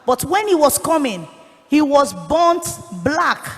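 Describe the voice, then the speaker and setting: A woman's voice: high voice, big pitch swings, slow pace, a bit bright. A woman giving an earnest church testimony, telling her story with a raised, pleading voice. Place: church hall. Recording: long hall reverb.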